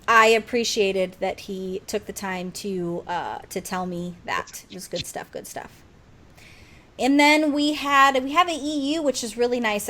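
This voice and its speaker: A young woman hosting a casual gaming podcast, chatty and quick to laugh as she reads listener mail. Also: medium pitch, a bit bright. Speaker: podcast host.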